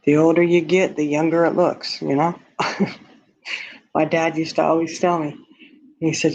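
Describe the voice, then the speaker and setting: A fairly high-voiced man with a drawl, chatting on a casual livestream. He reads viewer comments aloud and answers with blunt candor, laughing at his own lines. The audio is dull and lo-fi. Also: little pitch movement, unhurried, long pauses, darkish tone.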